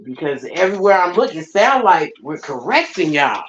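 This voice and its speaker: A woman's voice: on the low side, very animated, a little fast. Emphatic woman preaching, lo-fi. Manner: emphatic, repeats phrases, talks directly to the congregation. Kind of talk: sermon.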